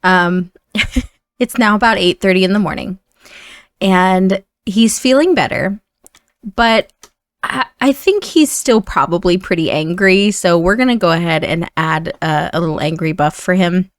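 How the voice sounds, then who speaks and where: A woman's voice: lowish voice, expressive, unhurried, no room sound, clean studio sound. A woman with an Indiana accent chatting as she narrates the story of a life-sim game. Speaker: game commentator.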